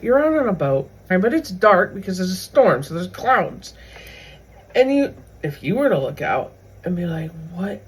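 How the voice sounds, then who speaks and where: Woman chatting thru a bible story, gravelly husky voice, easygoing and full of asides. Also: mid-range voice, darkish tone, low-quality recording. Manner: conversational, retells scripture in everyday words with many asides. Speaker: host of a faith video series. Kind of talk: casual Bible teaching.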